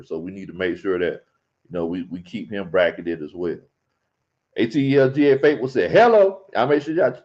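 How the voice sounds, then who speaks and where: A man's voice: fairly low pitch, muffled recording. A man hosting a casual sports talk livestream, reading viewer comments and laughing often. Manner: animated, laughs often, playful slang. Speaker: sports talk show host.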